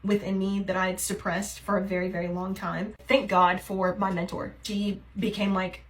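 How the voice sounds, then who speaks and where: A woman's voice: medium pitch, level tone, moderate pace, rough recording. A young woman telling a personal story in a confessional get-ready-with-me vlog, hesitant and full of fillers, emotionally raw. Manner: rambling and hesitant, heavy on fillers. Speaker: TikTok creator.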